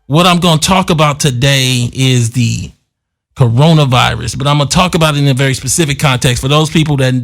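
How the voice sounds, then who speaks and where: A man's voice: on the high side, a bit bright. A man hosting his own talk show in a casual, slangy, playful commentary style. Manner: laid-back, slangy, playful. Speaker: host.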